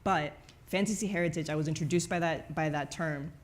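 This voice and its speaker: A fairly low-voiced woman in her thirties with a Spanish accent from Spain, talking through ideas as a conversation guest. She keeps checking in with "no?" and starts her sentences over as she thinks aloud. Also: fairly quick. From grew up in Madrid, Spain. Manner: frequent tag "no?", many restarts. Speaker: journalist and author guest. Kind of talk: conversational book talk. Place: event stage before audience.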